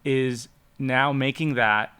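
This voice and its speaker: A man appearing as a guest on a tech roundtable, speaking in a measured, earnest way and restarting his sentences now and then. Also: mid-range voice, fairly even intonation, pushed and bright, smooth. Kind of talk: casual roundtable chat.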